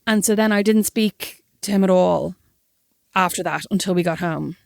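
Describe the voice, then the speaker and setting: A young Irish woman co-hosting a podcast, telling a story in a lively, self-mocking way. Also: on the low side, normal speed, creaky, no echo, clean studio sound. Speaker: podcast co-host. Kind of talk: casual chat, storytelling.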